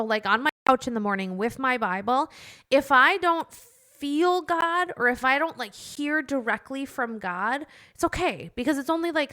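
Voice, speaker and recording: A woman hosting a podcast, telling a personal faith story in an animated, chatty way that turns emotional at times. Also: fairly high pitch. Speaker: podcast host.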